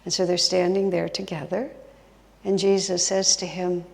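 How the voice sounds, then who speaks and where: A woman's voice: on the low side, level tone, moderate pace, creaky, a little mellow. A woman giving a spiritual talk as a guest teacher, telling stories expressively and dropping to a whisper for emphasis. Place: retreat hall. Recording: long hall reverb.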